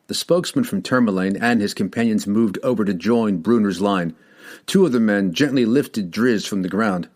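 A man narrating a fantasy audiobook in a dramatic, expressive storytelling manner. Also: on the low side, normal speed.

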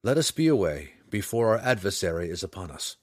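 A man voicing a weary, noble dark elf ranger, speaking low, quiet and solemn in an audiobook. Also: big pitch swings, no room sound, clean studio sound. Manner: low, quiet and solemn, slow measured speech. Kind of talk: audiobook character voice.

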